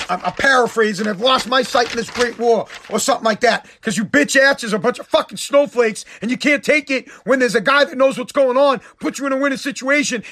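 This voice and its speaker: A man's voice: extremely high pitch, background noise. A man delivering a heated, profane, sarcastic sports rant. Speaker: sports commentator. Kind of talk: ranting sports monologue.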